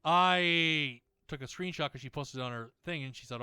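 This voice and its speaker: A man's voice: a little high, moderate pace, pushed and bright, clear, resonant tone, no room sound. A man chatting casually while playing a video game, ranting at length with heavy swearing and rambling restarts. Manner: rambling, many restarts and fillers. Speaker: gaming video creator. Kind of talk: casual chat over gameplay.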